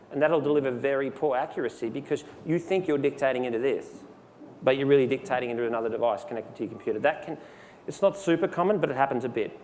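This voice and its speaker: Man demonstrating software in a hall. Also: medium pitch. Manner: relaxed, conversational, with many fillers and restarts. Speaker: presenter. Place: presentation hall. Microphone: handheld microphone. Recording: long hall reverb, faint background noise.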